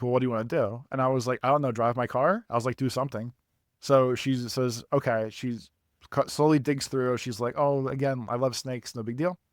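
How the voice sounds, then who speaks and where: A young man on a podcast telling a long story casually, animated and profane, laughing at himself. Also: mid-range voice, no room sound, clean studio sound. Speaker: podcast co-host.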